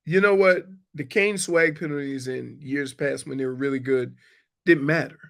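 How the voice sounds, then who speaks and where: A man's voice: on the high side, moderate pace, vocal fry, a bit bright. A man co-hosting sports talk radio, exasperated and teasing, often raising his voice. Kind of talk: heated sports radio debate.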